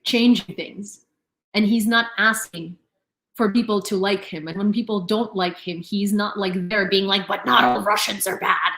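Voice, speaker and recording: A young woman hosting a live news stream, talking in a chatty, rambling way with many fillers and frequent laughs. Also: mid-range voice. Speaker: news channel host. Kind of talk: casual live-stream commentary. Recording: roomy echo.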